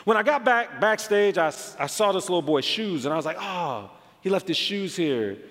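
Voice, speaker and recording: An American pastor preaches in a church auditorium, his voice sitting a bit higher than most men's. He tells stories in a lively, conversational way and keeps dropping in "like" as he goes. The sound trails off into a long hall reverb. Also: brisk. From United States. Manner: animated storytelling with frequent "like" asides. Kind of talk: sermon.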